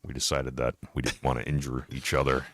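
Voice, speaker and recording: A man's voice: rumbling low, flat delivery, a little fast, a bit bright, no room sound. A man co-hosting a podcast in casual chat, laid-back with dry, understated remarks while feeling cold. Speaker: podcast co-host.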